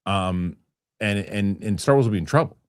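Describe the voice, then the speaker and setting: A male host with a low voice, chatting about movie news in an animated, jokey way and reading headlines aloud. The sound is dry and close. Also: moderate pace, smooth, dry recording. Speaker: show host. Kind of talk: casual movie news chat.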